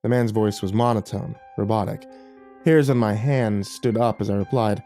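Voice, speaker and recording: A man narrating a first-person horror story in a measured, tense way. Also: lowish voice, mellow, faint music behind.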